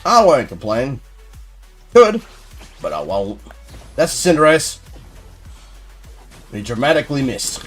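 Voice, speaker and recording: A man's voice: mid-range voice, huge pitch swings, a little slow, pauses often, faint music behind. A young man chatting casually with his viewers while playing a game live, rambling and playful as he answers chat. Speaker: gaming streamer.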